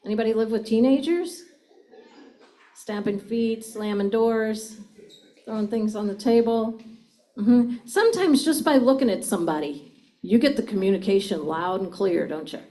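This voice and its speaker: A woman's voice: fairly high pitch, normal speed, mellow. A middle-aged woman giving a live seminar talk on communication, engaging the audience with frequent questions. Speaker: communication speaker.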